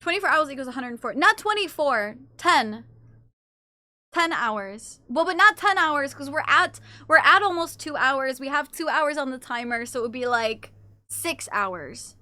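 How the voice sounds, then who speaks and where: Chatty woman streamer, high bright voice, playful and a bit foul-mouthed, dry close recording. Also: lively intonation, normal speed, no echo. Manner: chatty, playful, reads chat aloud, swears casually. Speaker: livestreamer. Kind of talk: casual livestream chat.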